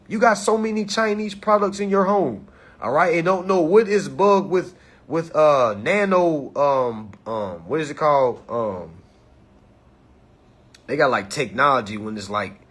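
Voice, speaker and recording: A man speaks in with a somewhat high, husky voice. He lectures his viewers in a casual monologue. He keeps checking in with "all right?" after nearly every point. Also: fairly bright tone. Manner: preachy, repeats "all right?" often. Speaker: commentator.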